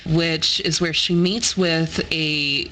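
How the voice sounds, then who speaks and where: Man, podcast co-host, casual chat, bright voice, slightly high pitch, faint hiss behind. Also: fairly even intonation, slow pace, low-quality recording. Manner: enthusiastic, chatty, curses casually.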